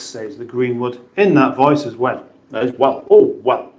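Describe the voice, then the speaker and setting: A man's voice: mid-range voice, slow pace, darkish tone. Chatty British man reading chat. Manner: chatty, jokey, playful voices for chat names. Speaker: livestream host reading chat. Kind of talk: casual live chat. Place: home kitchen. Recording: roomy echo.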